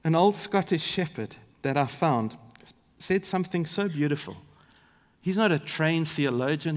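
A man from Africa, preaching a sermon in an earnest, vivid way with asides to the congregation. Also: fairly high pitch. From South Africa. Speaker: pastor. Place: large church. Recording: long reverb of a church hall.

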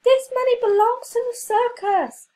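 A woman's voice: measured pace, a little mellow. A woman voicing an indignant grown man dressed as a clown in a storybook reading. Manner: shrill indignant outburst.

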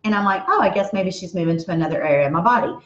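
A middle-aged woman vlogging, telling a story in a lively, casual way and acting out both sides of a conversation. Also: fairly low pitch, very fast. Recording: roomy, slightly dull sound.

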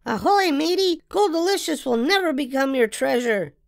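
A woman voicing an excitable little girl with a big imagination, reading with a theatrical, sing-song manner. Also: high voice, moderate pace, creaky, dry recording, clean studio sound, pitched above the performer's own voice. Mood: playful.

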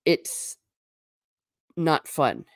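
A woman's voice: drawn-out words, no room sound, clean studio sound. A woman hosting a casual livestream, talking through a topic and answering viewer comments, sometimes slipping into a stern teacher tone. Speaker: livestream host.

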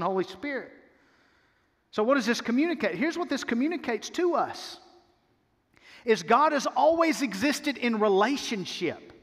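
Male pastor, high voice, emphatic sermon delivery with repeated phrases, church hall reverb. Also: fairly bright tone. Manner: emphatic preaching with repeated phrases and slowed key words. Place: church sanctuary.

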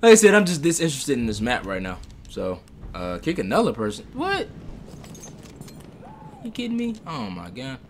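A man streaming live gameplay, talking casually, excitable and swearing a lot, sometimes making gun-sound noises. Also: medium pitch, fairly quick. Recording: game noise under the voice. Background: loud game sound effects.

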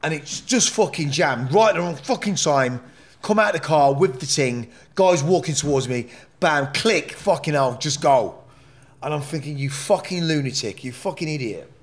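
A man telling his life story as a podcast guest, animated and profane, rambling with frequent restarts. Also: a little high, moderate pace. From England. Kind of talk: candid interview storytelling.

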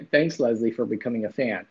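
A man with a mid-range, slightly breathy voice talks at normal speed, the recording's highs cut off. He hosts a casual livestream, chatting loosely with viewers, swearing now and then and greeting chatters by name.

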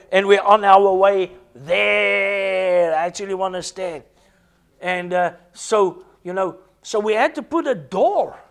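Male preacher, high-pitched, impassioned sermon delivery that climbs to cries, seated at a desk. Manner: impassioned, rising to cries at peaks. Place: indoors, seated behind a desk.

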